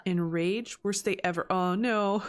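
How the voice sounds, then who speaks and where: A woman's voice: mid-range voice, steady tone, unhurried. A woman giving casual, chatty commentary over her own gameplay, reacting aloud as she goes.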